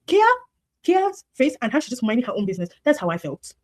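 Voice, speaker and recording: A woman giving casual commentary on a reality show in an animated, repetitive, gossipy way. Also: medium pitch, very fast.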